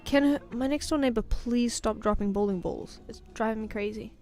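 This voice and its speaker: A woman art streamer with a non-American English accent chats casually and jokes around while she draws, rambling along with lots of laughs and fillers. Her voice is fairly high and darkish in tone, her pace a little fast, with soft music playing in the background.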